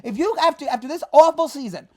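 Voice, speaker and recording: Exasperated woman ranting with shouted outbursts. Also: sits high, animated, fast. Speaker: fan channel host. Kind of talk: angry fan rant.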